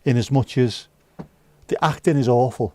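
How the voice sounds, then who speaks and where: Bloke chatting on a livestream, mellow low-key voice, dry sound, swears a lot and jokes around. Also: male voice, normal speed, no echo. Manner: sweary, jokey banter. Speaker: livestream host. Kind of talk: casual chat reading viewer comments. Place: indoors.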